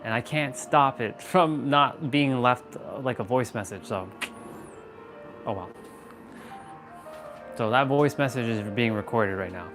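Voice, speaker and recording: Talking to his chat on a casual motivational livestream, a man rambles and toys with wordplay, recorded on a phone or laptop. His mid-range voice runs a little slow with frequent pauses, and music plays in the background.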